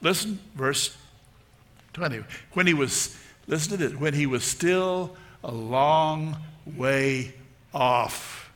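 A middle-aged man delivering a sermon as pastor. His voice rides a touch high and rings bright and forceful. He drives his points home by repeating phrases again and again. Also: slow pace. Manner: emphatic preaching, repeating phrases for emphasis.

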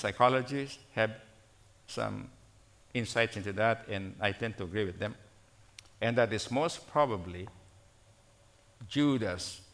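Bright-voiced man preaching. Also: fairly low pitch. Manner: repeats phrases for emphasis, frequent "okay?" checks. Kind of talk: sermon.

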